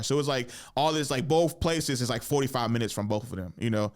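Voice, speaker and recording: Profane rambling comedian host, thirties. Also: male voice, medium pitch, quick pace, hardly any pauses. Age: 30s. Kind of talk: casual podcast chat. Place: podcast studio.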